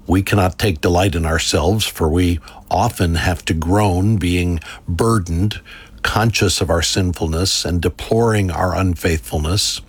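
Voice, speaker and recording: A man with a very low, husky voice reads a devotional text with measured reverence. He speaks at an unhurried, deliberate pace.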